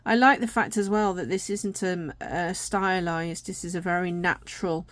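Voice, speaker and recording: Lady rambling gently about cards, kinda tired and yawny, lowish voice, dry close sound. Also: fairly even intonation, normal speed, dry recording. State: tired, yawning. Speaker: tarot and oracle deck reviewer. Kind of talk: casual deck walkthrough.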